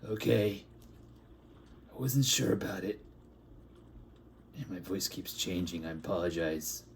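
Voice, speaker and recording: A man's voice: low voice, steady tone, moderate pace, a little hiss or hum. A man voicing a grimy male plague doctor from a back-alley town, rambling and crude in an improvised comic monologue. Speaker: artist improvising a comic story.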